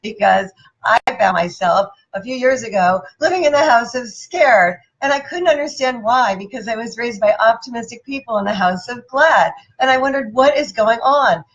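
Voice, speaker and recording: A woman giving a playful, animated motivational talk and putting questions to her audience. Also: a little high, moderate pace, highs cut off. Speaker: motivational speaker.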